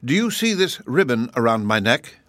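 A calm, stern dragon, read by a male narrator, speaking quietly and slowly with cold control. The voice sits in a middle range and sounds dry and close. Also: mid-range voice, no room sound.

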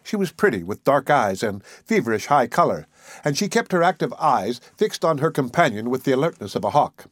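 Brief: expressive male narrator, husky tone, dry close recording. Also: mid-range voice, a little fast, no echo. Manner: expressive, varied reading. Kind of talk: audiobook narration.

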